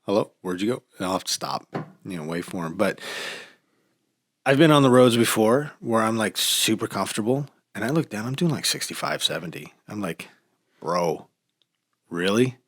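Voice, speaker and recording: A man with a fairly low voice tells a story in a relaxed, casual way. He acts out what people said as he goes. The sound is close and dry, with little room behind it. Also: brisk, dry recording. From United States. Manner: animated storytelling, acts out quotes. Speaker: podcast host. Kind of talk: casual chat.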